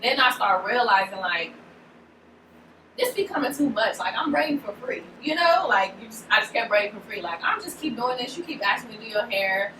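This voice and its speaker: Bay woman, podcast co-host, animated storyteller; recorded roomy and off-mic. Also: fairly high pitch, brisk. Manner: animated, full of "like", acts out quoted lines. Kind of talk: casual storytelling chat. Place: room in a shop with co-hosts. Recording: roomy, distant mic, noisy background.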